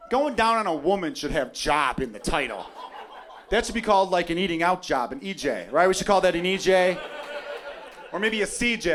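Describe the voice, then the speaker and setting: A male stand-up comedian from Chicago, brash and profane, riffing at a live club audience. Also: high voice. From Chicago, USA. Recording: live club recording with loud crowd. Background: audience laughter.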